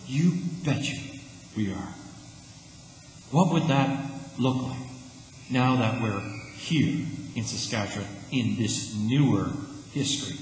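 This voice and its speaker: A man's voice: mid-range voice, takes it slowly, long pauses, darkish tone. Pastor, man, emphatic conversational sermon, echoey sanctuary, long reverb, faint room hum. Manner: earnest, emphatic, conversational preaching. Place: church sanctuary. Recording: echoey church hall, faint ambience.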